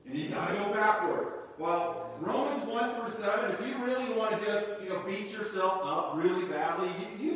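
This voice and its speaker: A male pastor preaching a sermon, excitable, climbing into loud, stretched-out exclamations. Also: high-pitched. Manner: excited, rising to shouts. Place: church sanctuary. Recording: echoey hall, from far off.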